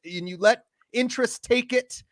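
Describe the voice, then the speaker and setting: A man's voice: very high voice, moderate pace, dry recording, clean studio sound. A man co-hosting a sports talk show, ranting animatedly and swearing now and then. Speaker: podcast co-host. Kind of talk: casual sports chat.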